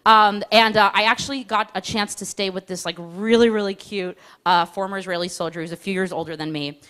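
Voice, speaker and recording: A young woman telling a stand-up comedy story in a chatty, self-mocking way, slipping into quick voices for other people. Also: medium pitch, steady tone, fairly bright tone, clean tone.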